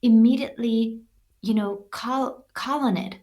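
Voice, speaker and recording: A woman's voice: a little high, steady tone, unhurried, mellow. A woman co-hosting a casual podcast chat, speaking thoughtfully and hesitantly, with many fillers. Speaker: podcast co-host.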